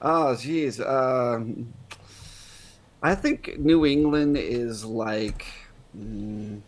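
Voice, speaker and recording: A man's voice: medium pitch, extremely slow. A man co-hosting a sports podcast, ranting sarcastically and swearing in casual banter. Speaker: podcast co-host.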